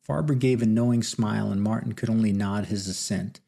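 A man narrating an audiobook novel with steady, measured storytelling. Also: fairly low pitch, vocal fry. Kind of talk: scripted narration.

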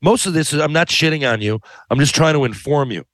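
A man's voice: on the high side, lively intonation, quick pace, a bit bright, no room sound. Rambling man, dry close sound. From Newfoundland, Canada. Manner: rambling, profane, tags lines with "right?". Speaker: podcast host. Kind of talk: casual monologue.

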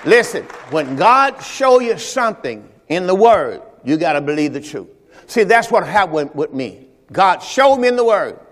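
A man's voice: high-pitched, big pitch swings, normal speed, a bit bright. A male pastor a Sunday sermon, speaking conversationally to his congregation and telling personal stories. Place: church sanctuary during Sunday service. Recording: reverberant church hall.

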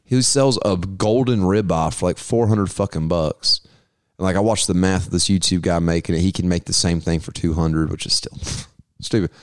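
Deep-voiced profane man ranting casually. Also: moderate pace, smooth, dry recording, studio quality. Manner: profane, rambling storyteller. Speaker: podcast co-host. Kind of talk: casual chat.

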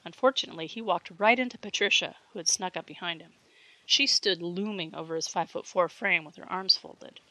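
A woman reading a fiction audiobook with steady storytelling narration. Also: fairly low pitch, a little fast, no echo, poor audio.

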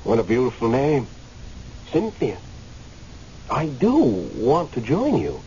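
Recently dead man, radio drama, hesitant, impassioned, animated pitch, faint hiss. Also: takes it slowly, highs cut off. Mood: earnest, agitated. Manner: hesitant, stammering, then impassioned. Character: newly dead man, angry, pleading.

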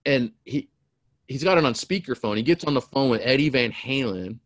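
A middle-aged man tells a rambling story in a lively, animated way. He keeps stumbling over and repeating his words. The sound is dry and close. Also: medium pitch, moderate pace, no echo. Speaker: storyteller guest. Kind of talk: casual storytelling.

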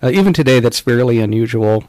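A man's voice: mid-range voice, lively intonation, quick pace, a little mellow, dry recording. A man co-hosting a casual podcast chat about retro video games, rambling along with lots of fillers and restarts. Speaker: podcast co-host.

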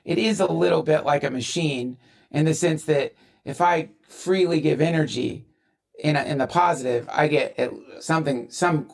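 Gravelly, rambling man. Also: a little high, normal speed. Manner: rambling, profane, speculative. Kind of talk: casual chat.

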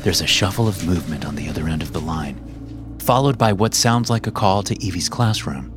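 A man narrating a suspenseful first-person story in a measured way. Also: low-pitched, lively intonation, music in the background.

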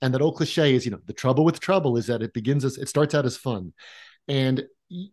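Animated man co-hosting a film chat. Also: mid-range voice. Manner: animated, talks in quick restarts and asides. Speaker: co-host of a film podcast. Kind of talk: casual conversation.

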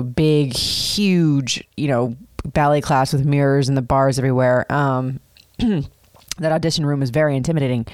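A woman hosting a podcast, telling a personal story in a chatty, casual way, full of "like" fillers and animated retellings. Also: rumbling low, dry recording, studio quality. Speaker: podcast host.

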